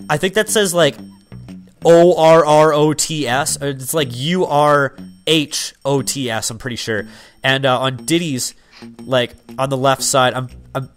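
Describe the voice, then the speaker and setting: A man's voice: on the high side, a bit bright. A man in his twenties giving casual, rambling commentary over a video game, full of fillers and side thoughts. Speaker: let's player.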